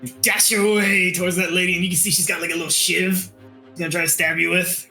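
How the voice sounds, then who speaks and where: A man's voice: high voice, level tone, fast talker, bright, forceful tone. A man running a tabletop game as game master, laughing often as he narrates. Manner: laughing often, voices bandits. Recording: echoey room, faint music.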